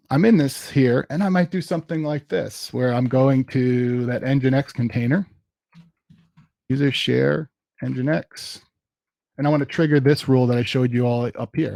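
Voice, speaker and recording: A man walks through a live software demo at a meetup and narrates each command as he types it. His voice has a gravelly edge and sits at a middling pitch. The sound is dry, with no room echo. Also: a little slow, long pauses. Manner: casual, thinks aloud while typing commands. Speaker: tech meetup presenter.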